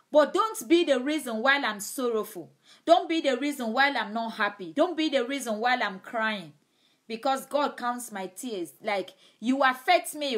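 A woman's voice: a little high, a bit bright. A woman preaching in a live-streamed sermon, emphatic, and often repeating her key phrases.

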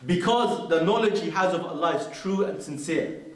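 A man's voice: high voice, moderate pace. A man giving an earnest mosque lecture, telling a story and reciting Arabic quotations. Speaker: preacher. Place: large mosque hall. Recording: very echoey hall, speaker far from mic.

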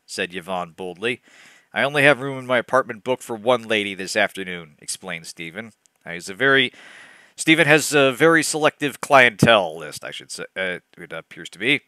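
A man's voice: mid-range voice, expressive, normal speed, bright, forceful tone, dry recording. A young adult man reading a bad novel aloud for a stream, breaking off into exasperated, laughing commentary. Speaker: let's play host reading a bad novel. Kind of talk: comedic reading aloud with asides to chat.

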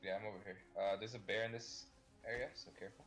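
A man with a fairly low voice talking fast in casual gaming chat. He is brisk and practical and keeps calling out quick warnings to his teammate. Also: fairly even intonation, fairly bright tone, faint music behind.

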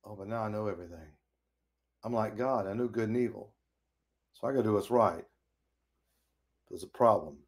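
A man's voice: fairly low pitch, moderate pace, pauses often. A man teaching a Bible study in a folksy, preachy way, acting out quoted dialogue.

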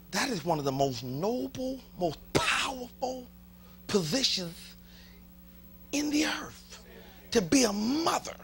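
Male pastor, Southern accent, bright ringing tone, expressive swoops, leads call and response from the pulpit. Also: on the high side, slightly rough. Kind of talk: sermon. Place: church sanctuary.

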